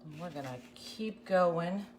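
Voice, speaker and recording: A woman's voice: fairly low pitch, measured pace, slight background noise. A woman hosting a live craft tutorial, chatting folksily with viewers as she works. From USA. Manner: chatty, folksy, talks to viewers while working. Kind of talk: live craft demonstration chat.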